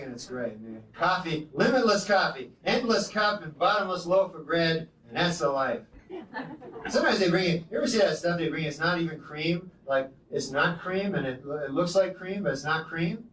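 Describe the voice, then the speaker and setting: A man doing a stand-up comedy set with a rambling, deadpan delivery full of "you know"s, from a comedy club stage with the audience laughing. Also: on the high side, moderate pace, distant mic, slight background noise. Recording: echoey live club recording with loud crowd laughter.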